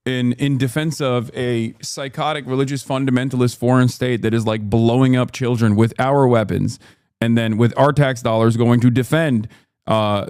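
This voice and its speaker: A man's voice: medium pitch, a little mellow, smooth, dry recording, clean studio sound. A male streamer giving heated, profane political commentary, mocking and ranting. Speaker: streamer host.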